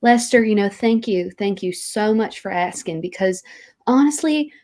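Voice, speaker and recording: A woman's voice: mid-range voice, expressive, moderate pace, a little mellow, close to an everyday voice. A woman as a gushing football mom. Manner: chirpy, gushing, cheer-like. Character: gushing peppy football mom, mother of five. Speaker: guest. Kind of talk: improvised comedy interview.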